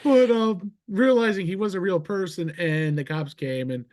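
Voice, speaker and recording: A man with a fairly high voice and a New Jersey accent tells stories on a casual podcast. He keeps it loose and animated and often jumps up in pitch to act out the people he quotes. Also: normal speed. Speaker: podcast host. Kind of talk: casual chat, storytelling.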